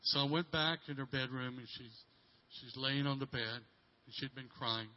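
A middle-aged male pastor telling a story in a sermon, halting and repeating words, dropping from loud to hushed. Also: mid-range voice, dull audio.

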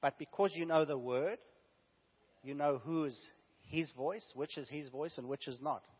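A man preaches a sermon in a husky voice, sick with a fever and sore throat. He drops to hushed asides, then rises to loud, emphatic exclamations. The sound is dull and lo-fi, with a long echo from a church hall. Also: a little high, unhurried. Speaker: pastor.

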